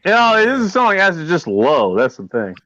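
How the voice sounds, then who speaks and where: A man's voice: high voice, huge pitch swings, moderate pace, a bit bright, dry recording, muffled recording. A man hosting a casual group chat, with profane, wry banter over a computer mic.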